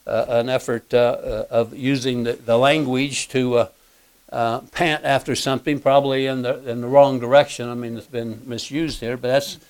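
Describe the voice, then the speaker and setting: A man teaching verse by verse from the Bible, halting with many fillers and clearing his throat often, reading scripture aloud in older English. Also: medium pitch.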